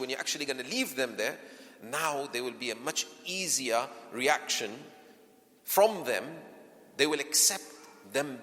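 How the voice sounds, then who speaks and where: A man giving a parenting workshop in a mosque hall, often asking his audience rhetorical questions. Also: mid-range voice. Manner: softens into gentle acted lines to a child. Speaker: workshop speaker. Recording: long hall reverb.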